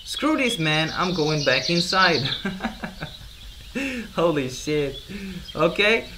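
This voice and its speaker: A man's voice: on the high side, lively intonation, takes it slowly, noisy background. A man doing casual let's-play commentary, goofy and laughing as he talks back to the game. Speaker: gaming YouTuber. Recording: voice over loud game music.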